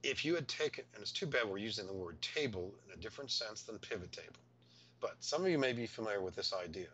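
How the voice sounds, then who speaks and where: Male software tutor, lowish crisp voice, walks through steps patiently, slightly muffled recording. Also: animated, fast, slight background noise. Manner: patient step-by-step explaining, thinking aloud. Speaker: software instructor.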